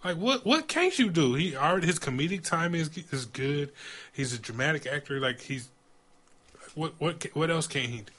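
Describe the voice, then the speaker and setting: A man's voice: fairly high pitch, expressive, moderate pace, a bit bright. A man hosting a podcast in casual chat, enthusiastic and slangy. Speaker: podcast host.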